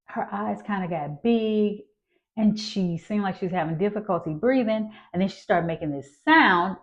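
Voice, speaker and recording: A nurse in her fifties tells a personal story with energy, acting out how she sounded back then. Her voice sits in the mid range, and the recording is muffled.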